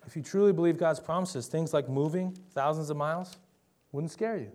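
A man's voice: on the high side, a little fast, a little mellow. A young adult man preaching a sermon in a conversational, emphatic way, often asking the listeners rhetorical questions.

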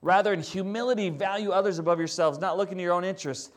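Conversational preacher with a higher voice. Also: male voice, quick pace. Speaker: pastor. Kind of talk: sermon.

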